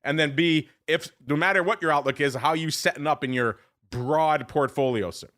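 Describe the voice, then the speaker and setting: A man's voice: fairly high pitch, a little fast, a bit bright. Joking man hosting a podcast. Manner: joking, teasing banter. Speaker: podcast host. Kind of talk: casual chat.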